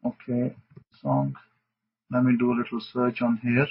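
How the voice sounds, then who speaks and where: A man's voice: mid-range voice, animated, normal speed, slight background noise. A man, a rabbi, giving an informal teaching sermon in a conversational, rambling way with fillers. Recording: dull lo-fi audio.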